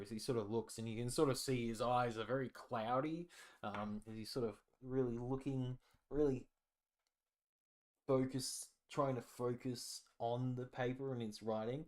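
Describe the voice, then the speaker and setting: A man's voice: medium pitch, fairly even intonation, normal speed, a little mellow. A man narrating a tabletop game as game master, talking loosely with many fillers. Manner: hesitant, loose, lots of fillers.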